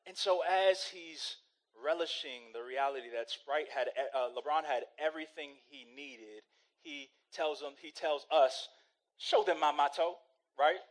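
A man's voice: on the high side, unhurried, low-quality recording. A male pastor preaching a sermon in a conversational, storytelling way, often checking in with "right?".

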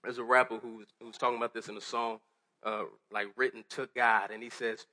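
A man's voice: medium pitch, little pitch movement, fairly quick, bright, forceful tone. A man preaching a sermon to a congregation, talking earnestly and conversationally with restarts and rhetorical questions. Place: church hall before a congregation.

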